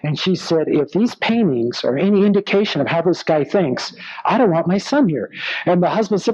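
A man's voice: sits high, moderate pace. A man preaching, telling stories and acting out the voices of the people in them. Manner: animated storyteller, acts out quoted voices. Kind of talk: sermon storytelling. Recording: slightly dull lo-fi recording.

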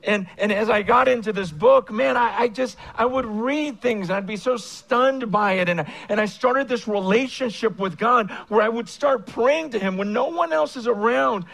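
A man in his fifties preaching a personal testimony on stage, earnest, with stammering restarts, swinging between hushed and fervent. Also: very high-pitched, normal speed, gravelly, few pauses, rough recording. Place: stage before a large audience.

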